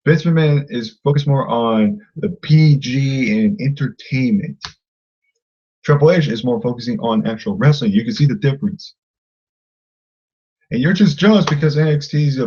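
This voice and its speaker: A man's voice: a little high, darkish tone. Combative man ranting, dull lo-fi sound. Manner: combative, insulting, repeats himself. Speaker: vlogger. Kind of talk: angry rant to camera.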